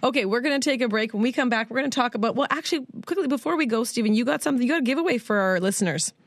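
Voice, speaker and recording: A woman's voice: on the high side, expressive, very fast, no room sound, clean studio sound. A woman hosting a live radio show and coaching, chatting easily and laughing often. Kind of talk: live radio interview chat.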